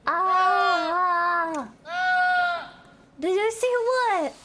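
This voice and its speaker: A young woman streams herself reacting to clips in a very high, lively voice that swings up and down. She giggles often and mimics animal screams for fun, and the talk is unhurried. A steady noise sits under her recording. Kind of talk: casual stream reaction chat. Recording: noisy stream audio.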